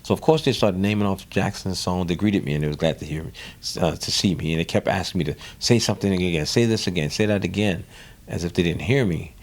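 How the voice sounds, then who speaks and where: A man's voice: sits low, fast talker. A man with a New Orleans accent, a guest in an interview, telling his story with animation, repeating words and acting out the voices of others. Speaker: guest musician.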